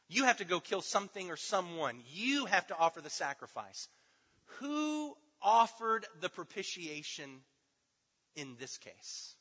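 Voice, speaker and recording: A man preaching a teaching sermon, emphatic, swinging between loud stressed words and hushed asides. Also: high-pitched, breathy edge. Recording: dull sound with long hall reverb.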